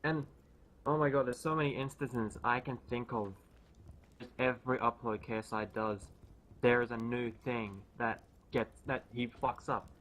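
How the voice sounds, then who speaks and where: A man's voice: medium pitch, fairly even intonation, normal speed, fairly bright tone, slight background noise, poor audio. A man on a group voice chat in a casual, rambling rant, annoyed, swearing and full of fillers. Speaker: gamer ranting on a group voice chat.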